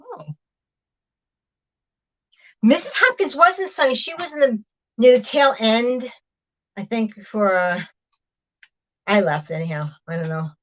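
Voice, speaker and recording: A woman's voice: on the high side, lively intonation, unhurried, pauses often, a bit bright, muffled recording. A woman casually chatting to her livestream viewers while she cooks in her kitchen, rambling with lots of fillers and "hang on"s, often drifting away from the mic. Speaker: livestream host. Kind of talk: casual chat while cooking. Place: home kitchen, moving between rooms. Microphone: device mic, often at a distance.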